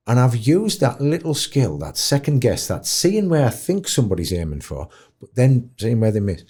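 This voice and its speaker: A middle-aged man with a broad Yorkshire accent tells stories as a podcast guest. His voice is warm and mellow and his pitch rises and falls in big swoops. He mocks himself as he talks. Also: fairly quick, slightly rough. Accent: Yorkshire English. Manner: expressive, swoops high for quoted voices, self-mocking. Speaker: podcast guest, dementia advocate. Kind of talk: animated storytelling in conversation.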